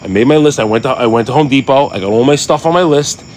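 This middle-aged co-host talks fast in a medium-pitched voice, with a little hiss or hum on the recording. During casual podcast chat he tells a story, cursing freely and acting out the lines people said.

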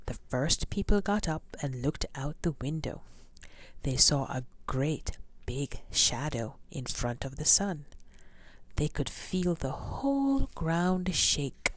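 A woman storyteller reading a storybook aloud to children, expressive, with sound effects and questions for her listeners. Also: deep voice, no room sound.

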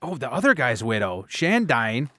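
A man's voice: medium pitch, big pitch swings, moderate pace, sharp tone, dry recording. A man hosts a casual comedic podcast in an ordinary mid-range voice. The sound is close and dry. He rambles, stumbles over facts and laughs at his own fumbles. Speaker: podcast host.

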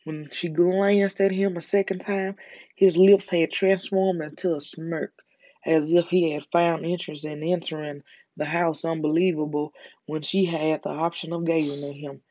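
An ASMR storyteller with a Southern US accent reads a story in a calm, soothing way. The tone is mellow and close-miked, and the sound is dry. The recording is dull and lo-fi. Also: medium pitch, dry recording. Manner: calm, slow, soothing reading. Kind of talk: soft ASMR story reading.

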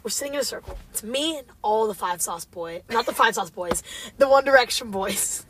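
A woman's voice: fairly high pitch, fairly quick, slight background noise. A young woman hosting a podcast, chatting casually and telling stories with giggles. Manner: giggly, animated storytelling. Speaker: podcast host. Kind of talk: casual chat.

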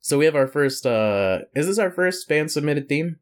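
A man co-hosting a podcast in casual chat, easygoing and quick to laugh, often rambling. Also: fairly high pitch, lively intonation. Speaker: podcast co-host.

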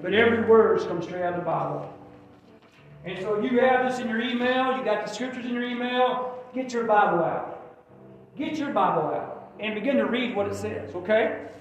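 A man's voice: high-pitched, slight background noise. A man, a pastor preaching a sermon in a folksy, call-and-response manner, recorded from a distance in a church. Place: church sanctuary. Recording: echoey church hall from far off, faint music.

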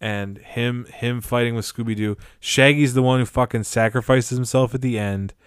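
A man co-hosting a casual podcast, laid-back and trailing off quietly. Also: mid-range voice, steady tone, moderate pace, clear, resonant tone, no echo, studio quality. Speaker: podcast co-host. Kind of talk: casual chat.

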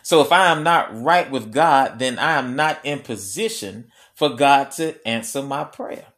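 A man preaching a sermon in a conversational way, repeating key lines slowly for emphasis. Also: medium pitch, animated, fairly bright tone.

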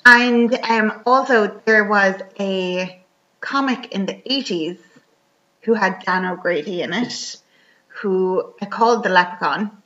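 An Irish woman with a bright, forward voice rambles through a movie plot in casual podcast chat, full of fillers. The recording is dull and lo-fi. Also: mid-range voice, slow pace.

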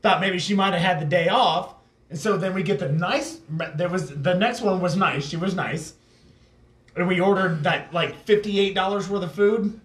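A man co-hosting a podcast, talking crudely and loudly, laughing often and mimicking people. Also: high voice, moderate pace, reverberant. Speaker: podcast co-host. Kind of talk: crude casual chat.

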